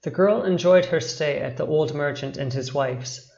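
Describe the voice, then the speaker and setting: A man narrating a bedtime story in a slow, expressive, dramatic way. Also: a little high, gravelly, reverberant, lo-fi sound.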